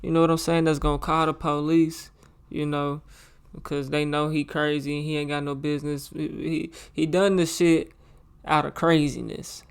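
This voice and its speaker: A man's voice: on the high side, level tone, moderate pace, vocal fry, clear, resonant tone. A man hosting a reaction show, giving loose, slangy commentary on a crime documentary and repeating himself often.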